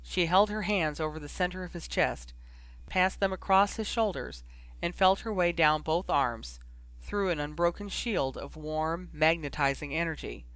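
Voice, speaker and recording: A man reading a story aloud in a steady, even narration. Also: fairly high pitch, normal speed, clear, resonant tone, no echo. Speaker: reader. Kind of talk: audiobook narration of fan fiction.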